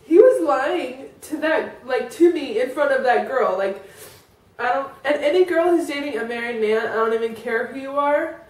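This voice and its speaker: A woman with a high voice pours out a personal confessional vlog, rambling and emotional, her talk full of fillers. She sounds a little away from the mic in an echoey room. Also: normal speed, distant mic. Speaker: vlogger.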